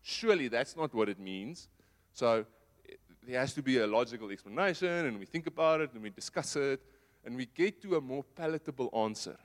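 A man preaching a sermon in a conversational way, asking the congregation rhetorical questions and dropping to a soft low voice to make a point. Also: animated, fairly quick. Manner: drops to a soft low voice for emphasis. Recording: long hall reverb.

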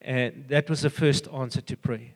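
An older man giving an earnest, halting personal testimony full of fillers and restarts. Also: mid-range voice, steady tone, in a large hall. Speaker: church member giving a testimony.

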